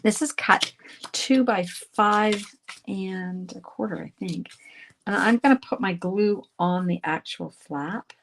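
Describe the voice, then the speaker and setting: Chatty woman with a gravelly voice. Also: mid-range voice, slow. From Canada. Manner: chatty, upbeat, greets viewers by name as she works. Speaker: craft instructor hosting a live stream. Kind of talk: live card-making demonstration.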